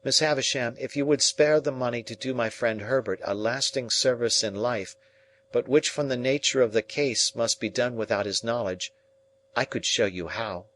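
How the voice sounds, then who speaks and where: A man's voice: medium pitch, moderate pace, a bit bright, a little hiss or hum, close to an everyday voice. A man reading an earnest, lovesick young man who speaks in a pleading, heartfelt way.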